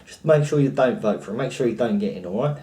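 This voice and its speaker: A man's voice: medium pitch, expressive, fast talker, mellow, natural voice. A man voicing a male hologram, an old army friend, who warns in a conspiratorial put-on accent. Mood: urgent warning. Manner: urgent, conspiratorial, with a made-up accent. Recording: roomy, from far off the mic.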